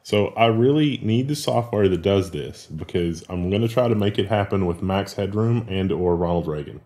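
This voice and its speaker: Low-voiced guy cracking jokes on a news chat, pitch bouncing all over. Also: lively intonation, normal speed, warm tone. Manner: joking, laughs often. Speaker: news show co-host.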